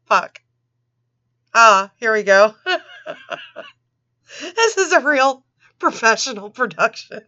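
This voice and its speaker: A woman reads a children's picture book at an unhurried pace, breaking off for sarcastic, foul-mouthed asides and frequent laughter. Her voice is bright and forward, caught on a dull, lo-fi recording. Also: on the high side, very animated. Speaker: channel host reading a storybook. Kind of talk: mocking read-aloud of a children's book with commentary.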